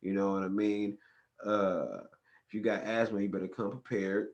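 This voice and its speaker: A man from California, hosting a podcast in a casual, profane, animated storytelling style. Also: fairly low pitch, moderate pace. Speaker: podcast host. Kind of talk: casual chat.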